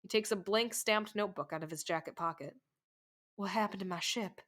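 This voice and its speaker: This streamer reads every line of a game's dialogue and narration out loud during a live playthrough, swearing and laughing at the story along the way. Her mid-range voice is fairly bright and a little fast.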